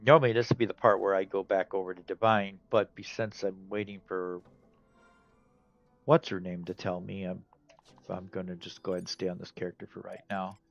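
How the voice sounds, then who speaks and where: A man casually narrating his gameplay in a relaxed, rambling way, tired and with a stuffy nose. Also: sits low, a little fast, vocal fry. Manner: relaxed, rambling, talks to himself. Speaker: game streamer. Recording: dull lo-fi audio, faint game music.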